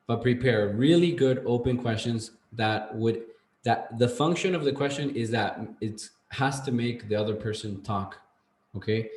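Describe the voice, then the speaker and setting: A man with Spanish as his first language teaching an English class, relaxed and rambling, checking in with "okay?" often. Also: lowish voice. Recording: roomy echo.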